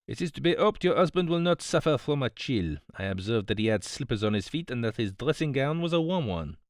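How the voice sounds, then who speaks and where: A man's voice: mid-range voice, very animated, a little fast, no echo, studio quality. A man voicing a fussy, smug older detective, politely reproving, in an audiobook. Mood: smug, precise. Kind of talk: audiobook character voice.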